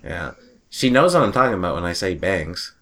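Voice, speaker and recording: A man's voice: sits low, very animated, a little fast, sharp tone. A man in casual chat with friends, telling stories animatedly and laughing often.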